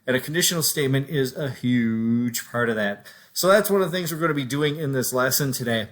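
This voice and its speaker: A man's voice: mid-range voice, brisk, fairly bright tone. A male teacher explaining a math lesson in a conversational way, thinking aloud through examples.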